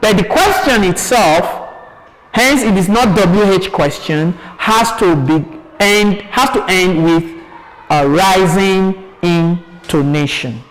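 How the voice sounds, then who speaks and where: A man teaching a lesson on intonation, speaking slowly and deliberately, repeating examples with exaggerated rising and falling tones and answering his own questions. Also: high voice, long reverb tail, a little hiss or hum, rough recording. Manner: asks pupils questions and answers them himself. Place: TV studio.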